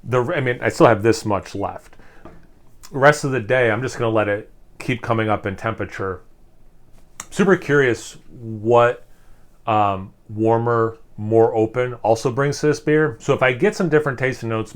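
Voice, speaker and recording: A man doing a casual beer tasting review, enthusiastic and rambling, full of fillers and restarts as he sips and savors. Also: on the low side. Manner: speaking while sipping and savoring.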